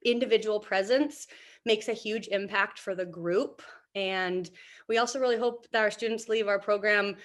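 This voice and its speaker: A woman's voice: medium pitch, fairly bright tone. A young adult woman PE teacher presenting on a video call, upbeat and encouraging, with frequent fillers and little laughs. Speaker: PE and health teacher.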